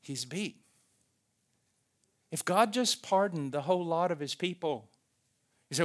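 Male preacher, slow and deliberate, slightly high voice, earnest emphasis. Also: fairly bright tone. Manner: earnest, emphatic, repeats key phrases. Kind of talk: sermon.

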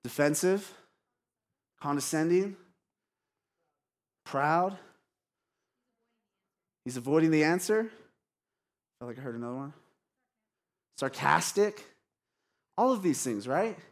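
A preacher giving a relaxed, conversational sermon. The pastor talks as if chatting with the room and pauses to put questions to the congregation. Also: mid-range voice.

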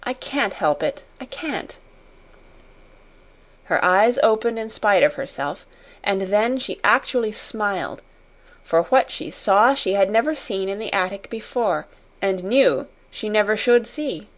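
Slow, measured woman narrating a storybook. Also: medium pitch, lively intonation. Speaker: audiobook narrator.

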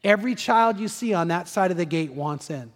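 High-voiced man preaching in a hall. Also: expressive, brisk. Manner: impassioned preaching that rises in pitch and volume, then drops to a soft prayer. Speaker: pastor. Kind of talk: sermon. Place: large church auditorium.

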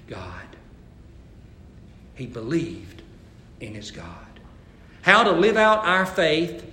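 A high, bright male voice delivers a sermon with dynamic swings, dropping to near-whispers and then rising to forceful, emphatic calls. The sound carries a roomy church echo. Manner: dynamic, swings from hushed low lines to loud emphatic exhortation. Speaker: pastor.

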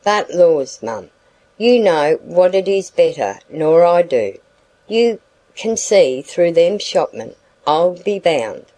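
A woman voicing a cheeky young male peddler who flatters in rustic dialect, in an audiobook reading. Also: lowish voice, slow, rough recording. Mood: flattering.

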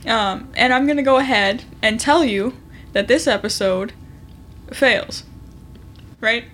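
A woman's voice: on the high side, takes it slowly, fairly bright tone, a little hiss or hum. Chatty woman co-hosting a podcast. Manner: chatty, runs the show segments. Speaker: podcast co-host. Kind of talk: casual podcast chat.

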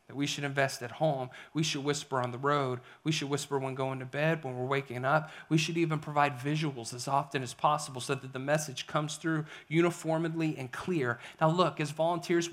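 A middle-aged man preaching a sermon as a pastor, animated, swinging between loud emphasis and hushed whispers. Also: on the high side.

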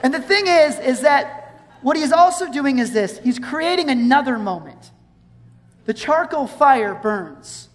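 A woman's voice: sits high, unhurried. Woman preaching in an echoing hall. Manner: conversational and animated, acting out scenes. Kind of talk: sermon. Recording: long hall reverb.

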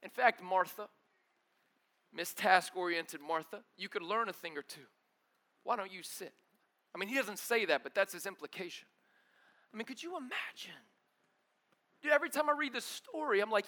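A man preaching a sermon with animated storytelling, casual slang, and acted-out voices. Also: sits high, normal speed, pauses often. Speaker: pastor.

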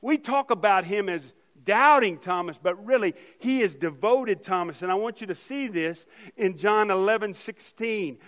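A male pastor delivers an Easter sermon in a fairly high voice. He talks in an animated way, rising to loud emphasis and dropping to soft, hushed lines. The recording sounds dull and lo-fi. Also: moderate pace, long reverb tail.

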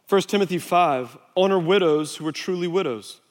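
Man preaching, fairly high voice, casual storytelling sermon, long hall reverb. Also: moderate pace. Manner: conversational, self-deprecating storytelling. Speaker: pastor. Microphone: wireless body mic.

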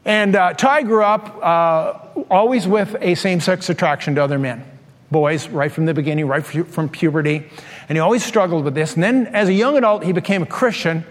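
A man's voice: fairly high pitch, a little fast. A man preaching a sermon to a congregation, speaking in a conversational way and putting questions to them directly. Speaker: pastor. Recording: reverberant hall.

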